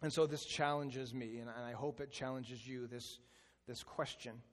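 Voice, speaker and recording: A man preaching a sermon as a pastor. He slows down and drops to a hushed voice on key phrases. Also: medium pitch, fairly even intonation. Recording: long hall reverb.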